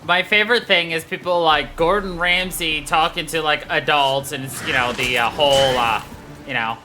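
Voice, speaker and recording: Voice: mid-range voice, fairly even intonation, moderate pace, noisy background. A streamer giving casual gameplay commentary in a loose, rambling way, swearing freely. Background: game music.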